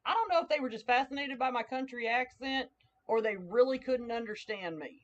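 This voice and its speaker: A woman's voice: a little high, fairly quick. A woman with a twangy Southern US accent, chatting casually with viewers while making a craft on a livestream. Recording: slightly dull lo-fi livestream audio.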